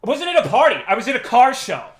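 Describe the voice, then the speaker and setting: A man voicing a combative young woman employee who speaks in a high, loud, indignant voice. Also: wildly swooping pitch, fast, full character voice. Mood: shrill indignant.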